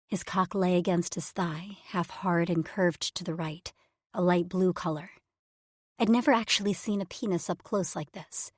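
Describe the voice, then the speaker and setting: A woman's voice: lowish voice, no room sound. Woman narrating a romance audiobook, close and dry. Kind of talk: first-person romance narration.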